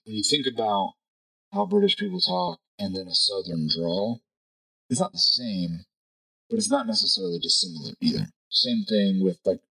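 Deep-voiced man musing aloud. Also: gravelly, sharp tone, poor audio. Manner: rambling, thinks aloud with frequent "you know" and "right?". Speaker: podcast host. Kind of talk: casual opinion monologue.

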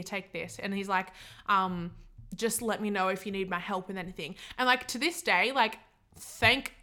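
A woman's voice: medium pitch, pushed and bright. A young woman, hosting a podcast and telling stories in a rambling, giggly way full of "like". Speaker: podcast host. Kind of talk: casual storytelling monologue.

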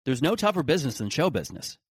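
A man's voice: medium pitch, big pitch swings, fast talker, breathy edge, no echo. Guy rambling on his podcast, sarcastic, keeps restarting sentences, dry close mic. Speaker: podcast host. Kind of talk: casual solo monologue.

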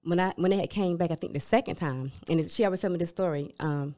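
A woman's voice: lowish voice, fast talker, mellow. A woman, a guest telling her story candidly and upbeat, with many fillers. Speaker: guest, cancer survivor. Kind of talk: casual interview chat.

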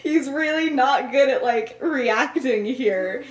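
A young woman with a voice pitched a little high chats through a story recap, peppering her sentences with "like" and breaking into laughter. She sounds like a podcast co-host recorded in a roomy space with a noticeable echo. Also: takes it slowly. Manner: chatty, filler-heavy with frequent "like" and laughter. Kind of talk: casual chat retelling a story. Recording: roomy echoey room.

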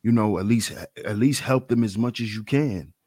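A man's voice: lowish voice, moderate pace, warm tone, no room sound, clean studio sound. A man hosting a podcast, chatting casually and affirming his guest, with loose phrasing. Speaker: podcast host. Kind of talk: casual chat.

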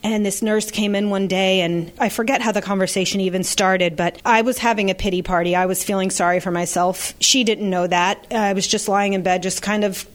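A woman's voice: mid-range voice, fairly even intonation, fairly quick, few pauses. A woman guest on a podcast, earnestly and reflectively telling her personal story, speaking of faith and gratitude. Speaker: interview guest.

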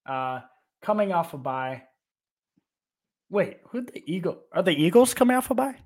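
Playful, teasing male podcast co-host with a slightly high voice; loose, casual betting talk. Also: very animated, normal speed, a little mellow. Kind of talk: casual sports betting chat.

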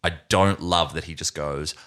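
A man's voice: a bass voice, fairly even intonation, normal speed, fairly bright tone, clean tone. An Australian man co-hosting a casual film podcast, talking animatedly with laughs and swearing. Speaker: podcast co-host.

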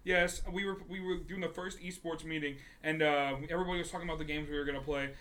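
A young man on a podcast telling an excitable story in casual chat. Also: on the high side, quick pace.

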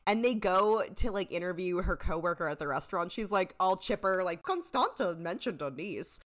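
A woman's voice: lowish voice, fairly quick. A woman co-hosting a podcast, chatting casually and wryly while recapping a TV season, swearing freely. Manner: animated, wry, swears freely. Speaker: podcast co-host.

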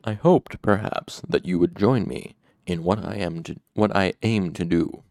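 A man's voice: low-pitched, lively intonation, unhurried, creaky, warm tone, no room sound, studio quality, full character voice. A man voicing Lanre, a grief-stricken and weary fallen hero, speaking heavily with despair in an audiobook reading. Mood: desperate. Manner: heavy and despairing.

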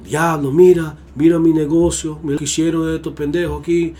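A man's voice: a little high, little pitch movement, brisk, warm tone, natural voice. A man voicing a grieving Dominican bodega owner. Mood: anguished. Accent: Dominican Spanish. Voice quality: pained, pleading.

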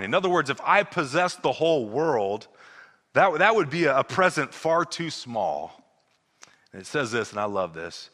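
A man preaching a sermon as pastor, earnest, often repeating words and dropping to a soft, intimate tone. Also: mid-range voice, expressive, moderate pace. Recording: long hall reverb.

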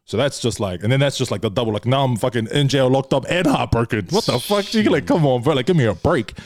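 Fast and animated, with a mid-range voice, a young guest on a podcast swaps frank stories about his life, cursing freely and saying bro nonstop. The studio audio is clean with no room sound.

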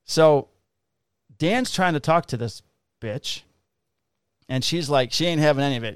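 A man's voice: a little high, unhurried, long pauses, clear, resonant tone, no echo, clean studio sound. A man, a police officer, telling a rowdy work story in casual chat, swearing freely and acting out the people he quotes. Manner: profane, animated, acts out voices in quotes.

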